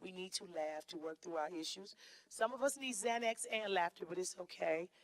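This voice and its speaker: A woman's voice: on the low side, moderate pace. A woman with a Detroit accent hosting a comedy benefit on a theater stage, playful and pumping up the crowd. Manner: playful, rising to loud hype. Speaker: comedy show host. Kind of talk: stand-up hosting, audience hype.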